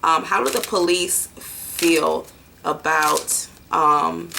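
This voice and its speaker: A woman's voice: sits low, vocal fry, noisy background. A woman doing a casual tarot reading, talking bluntly and loosely with plenty of fillers and some swearing. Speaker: tarot card reader.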